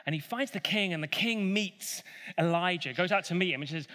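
A man retelling a Bible story in a casual, animated way, with jokey asides. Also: high-pitched, fairly quick. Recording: long hall reverb.

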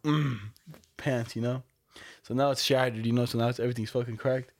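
Ein junger Mann im lockeren Gespräch, der entspannt Geschichten erzählt, oft flucht und lacht. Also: male voice, mid-range voice, steady tone, fairly quick, dry recording. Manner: laid-back storytelling, swears, laughs often. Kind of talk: casual chat.

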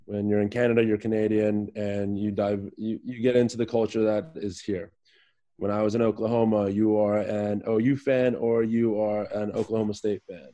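A man from Virginia chats as a podcast guest, his voice on the lower side and warm, mellow in tone. He talks in an easygoing, rambling way, filling pauses with ums and uhs. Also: little pitch movement, dull audio. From Virginia, USA. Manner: easygoing, rambling, many fillers. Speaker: podcast guest, professional soccer player. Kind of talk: casual interview chat.

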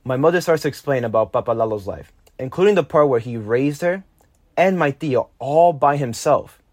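A teenage boy reading a personal story aloud, lively and lifting his voice for his own quoted lines. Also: normal speed, no echo, studio quality. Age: teens. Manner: lively, jumps higher when quoting his younger self. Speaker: narrator.

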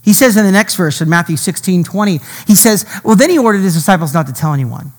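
A male pastor preaching a sermon, his delivery dramatic and swinging between loud and hushed. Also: high-pitched, animated, fast talker, big-room sound.

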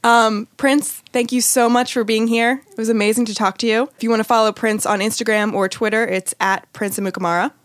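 A woman's voice: a little high, fairly even intonation, a little fast, hardly any pauses, dry recording. Chatty woman podcast host. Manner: chatty, upbeat storyteller. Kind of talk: casual interview chat. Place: recording studio.

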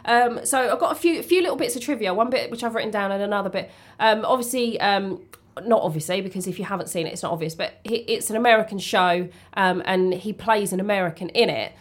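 A woman's voice: mid-range voice, fast. A woman in a casual podcast chat, talking bluntly with many ums and restarts. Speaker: podcast co-host.

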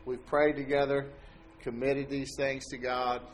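A middle-aged man, a guest sharing a faith testimony, tells his story in a relaxed, casual way at a slightly slow pace, laughing now and then as he talks. His voice is of ordinary pitch but often jumps high as he acts out the people involved, and there's a bit of hiss or hum.

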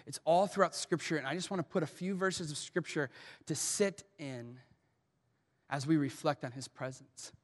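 Impassioned preacher with a high voice in a reverberant hall. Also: male voice, moderate pace. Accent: American. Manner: emphatic, swings from loud urgency to soft hushed tones. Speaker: pastor. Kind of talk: sermon. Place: large church auditorium.

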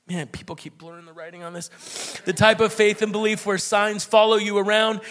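A man's voice: high-pitched, fairly bright tone. A young man preaching a sermon and leading prayer in an earnest, conversational way.

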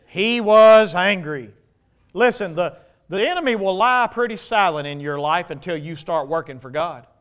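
A man's voice: very high-pitched, fairly bright tone, clear, resonant tone. A man preaching a sermon as pastor, emphatic and driving points home with repeated rhetorical questions.

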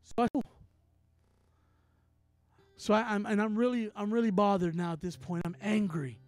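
A man who is a traveling minister, telling a story in a sermon with animated, acted-out dialogue. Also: high voice, fast, dry recording, faint music behind.

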